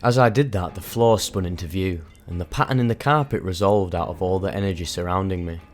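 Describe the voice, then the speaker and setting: A man's voice: sits low, a little fast, soft background music. A man narrating a harrowing personal experience in vivid, intense, emphatic storytelling. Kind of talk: dramatic first-person storytelling.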